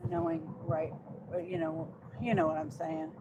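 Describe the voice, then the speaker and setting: A woman's voice: low-pitched, unhurried, background noise. A woman vlogging casually from her car about her delivery gig, muttering to herself with frustrated asides. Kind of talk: casual talking while driving.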